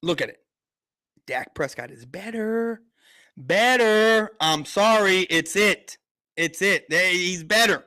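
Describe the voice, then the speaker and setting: A man's voice: high-pitched, a little slow, sharp tone. A man hosting a casual sports live stream, rambling and argumentative. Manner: rambling, lots of fillers and restarts, argumentative.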